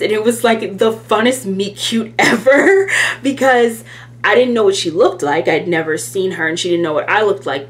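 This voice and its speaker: A woman vlogger talks casually to camera in a slightly low voice. Her talk is rambling and self-deprecating, full of ums and restarts. A faint hum sits underneath her voice. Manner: chatty and self-deprecating, with many fillers. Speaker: planner vlogger.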